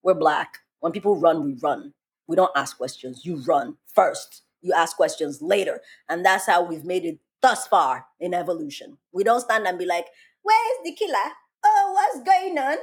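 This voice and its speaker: A husky-voiced woman hosting a podcast, who tells stories casually and with lots of energy. She laughs often and throws her voice into the people she quotes. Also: fairly low pitch, normal speed. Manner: animated, laughing, acting out quotes. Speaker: podcast host. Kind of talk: casual storytelling.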